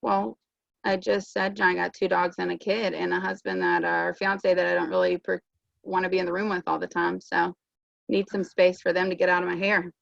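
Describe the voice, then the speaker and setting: A woman acts the part of a skeptical home buyer in a sales training role-play, answering with dry sarcasm. Her voice is gravelly with a bright, sharp edge. The video-call audio is dry and somewhat muffled. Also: fairly low pitch, flat delivery, brisk, no echo. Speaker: real estate agent in training, playing a buyer.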